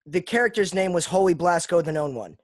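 A man's voice: sits high, lively intonation, fairly quick, dry recording. A man from Pennsylvania, a rapper interviewed as a guest, talking in an earnest, reflective and self-deprecating way. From Lancaster, Pennsylvania. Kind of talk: casual interview chat.

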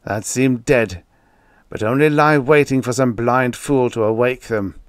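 A man's voice: medium pitch, unhurried, no room sound, studio quality, lightly acted. A man voicing an obsessed, haunted male explorer who growls and raves. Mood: brooding. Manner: growling, raving.

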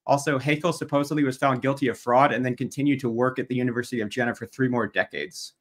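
A man's voice: mid-range voice, steady tone, fast talker. A man giving a debate opening statement, working methodically through prepared slides and making pointed jabs at his opponent.

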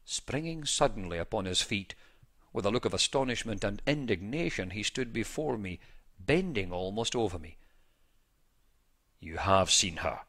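A man reading an old first-person account aloud in a measured, formal, preaching manner. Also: lowish voice, animated, a bit bright. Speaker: reader.

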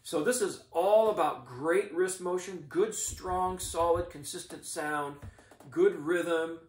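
A middle-aged man teaching drumline warm-ups, explaining each exercise in a methodical, encouraging coaching manner. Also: a little high, takes it slowly, music in the background. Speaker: drumline instructor. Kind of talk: instructional demonstration. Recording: echoey room, mic at a distance.

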